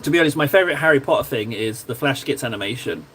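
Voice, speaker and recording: Painting miniatures on a live stream, this man talks in a mid-range, expressive voice that's rapid-fire, pushed and bright, over slight background noise. His chat is rambling and self-deprecating, often sidetracked.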